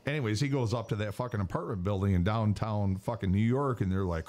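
Low-voiced man ranting on a podcast. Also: fast, a little mellow. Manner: ranting, heavy swearing. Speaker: podcast co-host. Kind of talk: casual chat.

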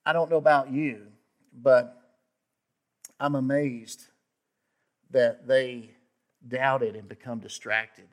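A man preaching a sermon as pastor, talking conversationally, swinging from loud emphasis to hushed asides and acting out quoted voices. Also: medium pitch, steady tone, slow pace, long pauses. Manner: acts out quoted voices with sudden outbursts.

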